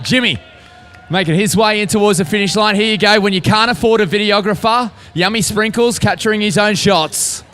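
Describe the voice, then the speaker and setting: A man's voice: sits high, moderate pace, a bit bright, soft background music. An Australian man commentating a race finish, upbeat and joking as runners come in. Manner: upbeat, joking banter while calling runners in.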